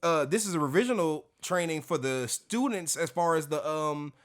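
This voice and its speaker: A man co-hosting a casual podcast chat, telling stories in an animated, slangy way with plenty of cursing. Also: fairly high pitch, normal speed. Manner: profane, animated, slangy storytelling. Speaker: podcast co-host.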